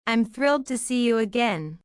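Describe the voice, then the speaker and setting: Brief: woman teacher, scripted phrase reading, very crisp diction, dry close sound. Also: on the high side, lively intonation, no echo. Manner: measured, carefully enunciated, repeats each phrase. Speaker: English teacher.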